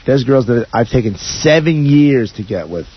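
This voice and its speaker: A man guest on a radio show, telling a story in a rambling, excitable way, on a dull lo-fi radio recording. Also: medium pitch, normal speed, husky. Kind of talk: casual storytelling. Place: radio studio.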